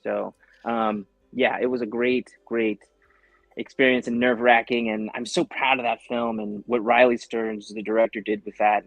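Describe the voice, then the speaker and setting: A man's voice: mid-range voice, no echo. A man, an actor guest, telling a story in a casual interview, acting out other people's lines with lots of fillers. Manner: animated, acts out quoted voices, frequent fillers.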